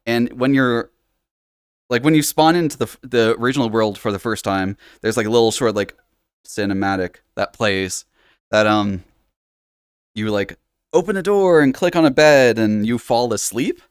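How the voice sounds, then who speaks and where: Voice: medium pitch, normal speed, clean tone, no room sound, clean studio sound. A live streamer chatting casually while exploring, rambling and self-deprecating.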